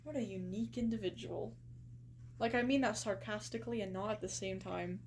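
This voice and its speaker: A woman's voice: medium pitch, brisk, darkish tone, slight background noise. A young woman streaming live, chatting casually with lots of fillers and incredulous reactions.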